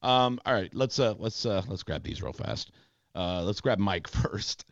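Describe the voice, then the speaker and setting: A man in his forties hosting a talk show, his pitch bouncing around as he tells a story. The sound is dry and a little dull, with no room around it. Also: unhurried, dry recording. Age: 40s. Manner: animated storytelling, frequent fillers, laughs. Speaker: radio show host. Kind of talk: casual talk radio banter.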